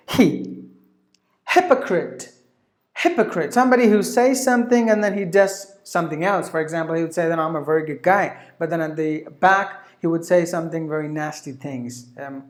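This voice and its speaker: A woman teaches English pronunciation in a fairly low voice. She stretches each example word and says it again and again, with small filler sounds between her explanations. The room around her is echoey. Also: darkish tone. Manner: repeats each word slowly several times, with filler sounds. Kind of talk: pronunciation lesson.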